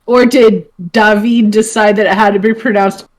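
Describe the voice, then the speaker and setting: A woman co-hosting a casual podcast chat, teasing with quick interjections. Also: medium pitch, steady tone. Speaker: podcast co-host.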